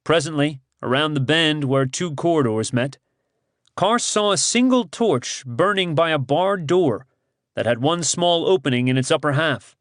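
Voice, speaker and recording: A male audiobook narrator tells the tale at an unhurried, deliberate pace. His delivery is measured and dramatic, recorded close and dry with no room around it. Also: on the high side, expressive, fairly bright tone, dry recording. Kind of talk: scripted narration.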